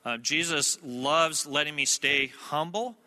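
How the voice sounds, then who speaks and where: Male preacher, sermon, conversational storyteller, higher voice, long hall reverb. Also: takes it slowly, bright, forceful tone. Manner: conversational storytelling with asides to the audience. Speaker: traveling preacher.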